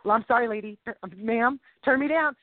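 A woman co-hosting a radio show, chatting casually in an excitable, gushing, jokey way. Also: a little high, brisk, dry recording. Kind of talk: casual chat. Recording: tinny phone-line sound.

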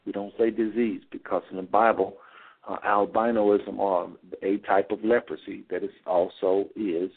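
Heard as if through a phone line, this host speaks at normal speed with a low-leaning voice and flat delivery. His story rambles along in a folksy style, addressed directly to the audience.

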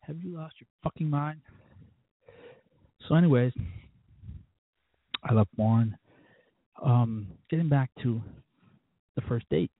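A man's voice: mid-range voice, dry recording, narrow, tinny audio. A man hosting a show, telling a first-date story in a rambling, profane, self-mocking way. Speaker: podcast host. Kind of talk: casual storytelling monologue.

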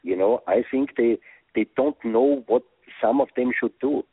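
A former soccer coach being interviewed over the phone, speaking earnest English with non-native phrasing. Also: male voice, medium pitch, moderate pace, vocal fry, husky, dry recording. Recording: tinny phone line.

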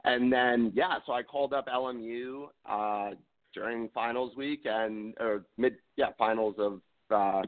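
A young man from the New York area, a guest on a radio show, rambling with lots of fillers and sounding tired after no sleep. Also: medium pitch. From New York area, USA. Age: young adult. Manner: rambling, restarts, many fillers. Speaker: guest, surf wax founder. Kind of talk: casual radio interview. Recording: tinny phone-like radio audio.

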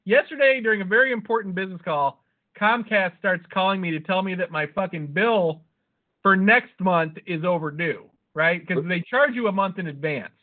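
A man's voice: sits high, moderate pace. A man hosting a podcast, telling stories in loose, profane casual banter. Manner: profane, animated storyteller. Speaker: podcast host. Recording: tinny phone-like sound.

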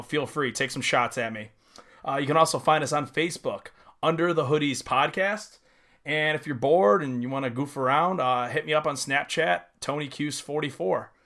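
A young man co-hosting a casual sports podcast, joking and animated. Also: medium pitch. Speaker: podcast co-host. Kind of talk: casual chat.

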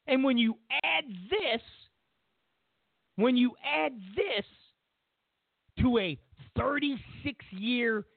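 A man hosting a political talk show, his high voice gravelly and swinging widely in pitch as he hammers home points in repeated lists with sarcastic asides. He speaks slowly and deliberately. The sound is tinny and phone-like. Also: no echo. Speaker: political commentary host. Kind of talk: opinionated political monologue.

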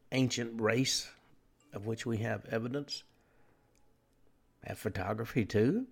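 A man hosting a talk radio show, delivering a lecturing monologue with frequent pauses and fillers. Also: medium pitch, creaky.

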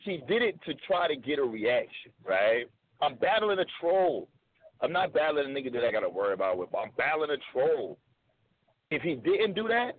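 A man with a fairly high, sing-song voice speaks at a moderate pace as a radio show guest, heard through a narrow, phone-like sound. He gives his side bluntly and emphatically, repeating points to drive them home.

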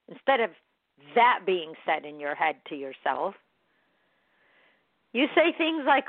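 A woman with a low voice offers spiritual self-help talk, calm and encouraging, repeating soothing words. The sound is narrow and phone-like. There is no room echo at all. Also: measured pace, long pauses. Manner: gentle, encouraging, repetitive phrasing. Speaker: morning show host.

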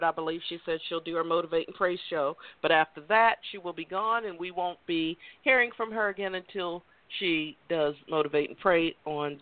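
Animated woman host on a phone line. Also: on the low side, dry recording. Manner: animated, laughing storyteller. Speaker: talk show host. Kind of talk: casual chat. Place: Maryland. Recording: tinny dry phone line.

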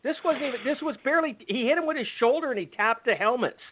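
Guy hosting a podcast, high voice, angry sweary rant, sounds tinny like a phone line. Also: expressive, fast, slight background noise. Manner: angry, profane, sarcastic ranting. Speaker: podcast host. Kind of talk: ranting sports talk.

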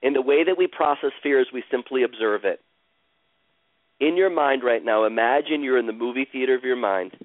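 In a calm, unhurried voice of medium pitch, a man hosts a guided emotional healing session for a caller, repeating lines over and over like a chant. His voice comes across thin and phone-like, dry, with no echo or room around it.

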